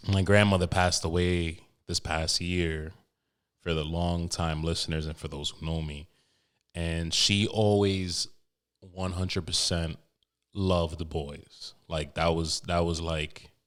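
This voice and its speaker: A young man hosting a podcast, rambling through an emotional, profane story with many restarts. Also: deep voice. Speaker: podcast host. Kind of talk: casual podcast monologue.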